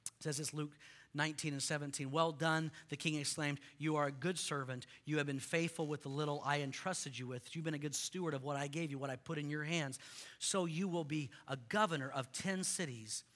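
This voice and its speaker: A male pastor preaching a sermon to a congregation, impassioned, swinging from loud rallying lines to quiet earnest ones. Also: fairly high pitch, steady tone, a little fast.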